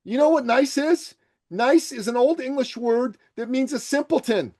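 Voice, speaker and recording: A man born in Iran, speaking without an accent as a podcast guest, blunt and forceful, swearing freely and swinging between loud outbursts and quiet remarks. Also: very high-pitched, normal speed. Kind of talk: forceful opinionated interview talk.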